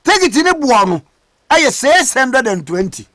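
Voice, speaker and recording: A man with a Ghanaian accent hosting radio talk, speaking haltingly with many fillers. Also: very high voice, very animated, pushed and bright, slight background noise. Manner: hesitant, many fillers, short interjections. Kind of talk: radio talk mixing Twi and English.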